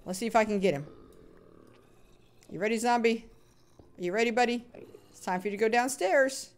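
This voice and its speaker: A woman with a fairly high voice talks fairly quickly. She's a Minecraft streamer chatting casually while live-streaming, coaxing game characters in a sing-song voice and reading out viewers' chat names to answer them.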